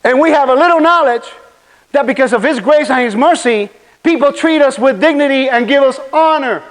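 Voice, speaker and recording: A man's voice: very high-pitched, fairly quick, rough recording. A man giving a conference sermon, preaching animatedly and putting rhetorical questions to the audience. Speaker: conference speaker. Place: conference hall.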